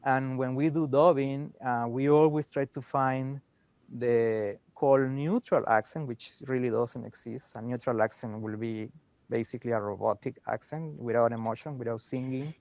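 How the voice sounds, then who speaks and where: Casting: man on a panel, mid-pitched, dry close mic, many "you know"s. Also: steady tone, normal speed, a little mellow, no room sound. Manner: explanatory, frequent "you know" fillers. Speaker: dubbing studio head. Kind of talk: panel discussion.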